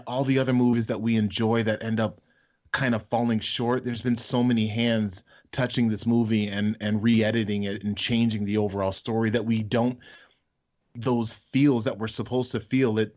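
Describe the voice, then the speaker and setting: A man's voice: mid-range voice, a little mellow. A man co-hosting a casual movie review podcast, talking thoughtfully with many hesitant restarts. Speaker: podcast co-host. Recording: dull lo-fi podcast audio.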